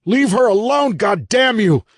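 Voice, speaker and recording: A man voicing a desperate young husband who shouts in terror, ragged and high. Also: expressive, slow pace, dry recording, studio quality, exaggerated voice. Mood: frantic shouting. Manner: ragged shrieking, pitched high.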